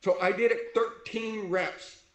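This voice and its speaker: A man's voice: high-pitched, measured pace, echoey room, poor audio. A man who is deaf and wears hearing aids, an interview guest telling a story, acting out the voices of the people in it. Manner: animated, acts out the voices in his story.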